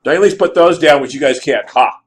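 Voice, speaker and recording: A man with a fairly high pitch talks fast over poor audio as he teaches math. In this animated classroom lecture, he works through graphs out loud and keeps checking in with the class.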